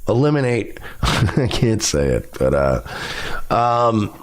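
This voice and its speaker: A man's voice: fairly low pitch, sing-song, takes it slowly. A man hosting a podcast, delivering a profane, confrontational ranting monologue. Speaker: podcast host.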